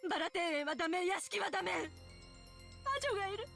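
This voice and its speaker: A woman's voice: very high voice, rapid-fire, vocal fry, music in the background. An actress voicing a frightened, feverish woman in a visual novel, pleading and sobbing in panic. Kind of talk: Japanese visual novel voice acting. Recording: game soundtrack under voice.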